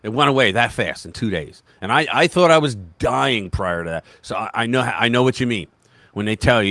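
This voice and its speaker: Animated man hosting a political chat. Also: mid-range voice, fairly quick, dry recording. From United States. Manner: animated, emphatic, talks over himself with restarts and quoted voices. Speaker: political livestream host.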